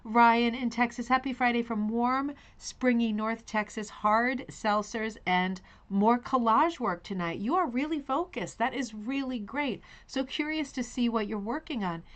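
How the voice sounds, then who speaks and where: A woman hosting a craft live stream, chatting casually and greeting viewers by name with scattered, self-interrupting talk. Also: a little high. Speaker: host of a rug hooking live stream.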